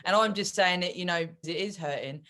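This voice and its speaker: A woman hosting an interview, talking candidly about her experiences in a relaxed, conversational way. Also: on the low side, a little fast. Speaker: podcast host and bodybuilder. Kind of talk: casual interview talk.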